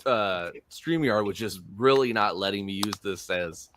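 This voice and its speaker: A man playing a tabletop game, chatting about his headphone troubles in an animated way over a video call. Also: fairly low pitch, moderate pace, a little hiss or hum. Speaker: player. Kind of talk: casual chat. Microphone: headset on a video call.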